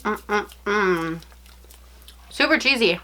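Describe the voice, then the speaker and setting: A young woman vlogging an unboxing, talking casually and gushing with excitement. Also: mid-range voice, very slow, slight background noise. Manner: gushing, breathless and effusive.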